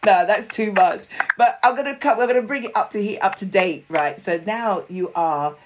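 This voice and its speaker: A woman's voice: medium pitch, normal speed, noisy background. A woman hosting an interview in a chatty, supportive way with many fillers. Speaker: podcast host. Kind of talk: casual interview chat.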